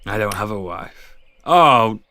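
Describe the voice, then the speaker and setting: A man's voice: fairly low pitch, animated, slow, sharp tone, heavily acted. A man playing a sarcastic halfling prisoner. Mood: sheepish. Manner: sarcastic, swearing, exasperated.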